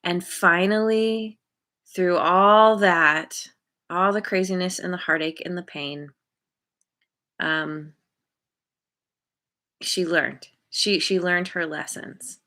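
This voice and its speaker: A woman giving an intuitive tarot reading to her viewers, gentle and encouraging, often pausing to search for words. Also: fairly low pitch, fairly even intonation. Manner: encouraging, spiritual. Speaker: tarot card reader.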